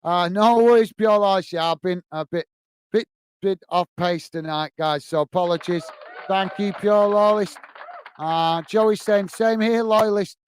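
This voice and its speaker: A man with a high voice, speaking a little slowly, hosts a live football watch-along stream. He reads viewer comments aloud and replies in a relaxed, friendly, chatty way. A little hiss or hum sits under the audio.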